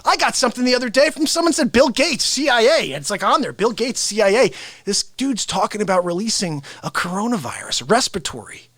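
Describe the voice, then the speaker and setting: A man ranting to his live-stream audience, his pitch bouncing widely as he rambles. He addresses viewers directly. The sound is dry and close. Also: a little fast, no room sound. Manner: animated, rambling, talks straight to viewers. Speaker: live-stream host and celebrity impressionist. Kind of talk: casual live-stream rant.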